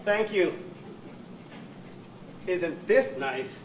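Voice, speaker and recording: A man's voice: high-pitched, lively intonation, drawn-out words, exaggerated voice. A man playing a weepy, fretful divorced husband. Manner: sentimental and apologetic, given to tearful rambling. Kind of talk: live stage comedy acting. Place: church stage before a live audience. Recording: echoey hall, distant room mic, faint noise.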